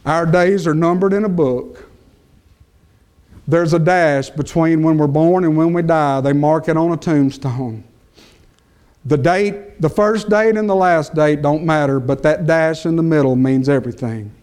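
A man preaching a sermon, slow and emphatic, with long pauses and rising peaks of intensity. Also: a little high, a little mellow.

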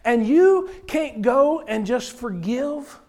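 A man's voice: very high voice, animated, slow pace, mellow, heavily acted. A man preaching voices a king sternly rebuking an unforgiving servant.

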